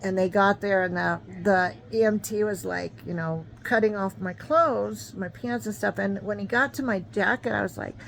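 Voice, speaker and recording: A woman in her fifties recounts her past in a loose, conversational style, circling back and stumbling over words. Her voice sits at an ordinary middle pitch. A faint hum of background noise runs under the recording. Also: moderate pace, creaky, hardly any pauses, low-quality recording. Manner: rambling, conversational, many fillers. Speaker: vlogger. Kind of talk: personal storytelling.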